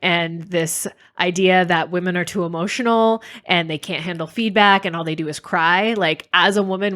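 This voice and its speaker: A woman's voice: on the low side, fairly bright tone. A woman co-hosting a podcast, speaking candidly and reflectively in casual chat. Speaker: podcast co-host.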